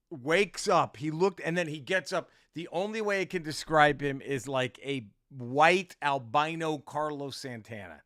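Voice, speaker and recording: A male comedian hosts a podcast and tells an animated, profane story in a fairly high voice. His delivery is forceful and punchy. The recording is close and dry, with no room sound. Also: no echo. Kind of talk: storytelling casual chat.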